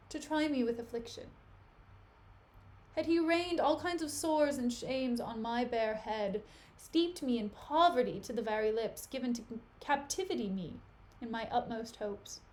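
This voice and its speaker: Woman reading as jealous nobleman, anguished, bitter, declaiming, livestream reading. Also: sits high. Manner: declaiming, bitter Shakespearean speech. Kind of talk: casual dramatic reading on a livestream.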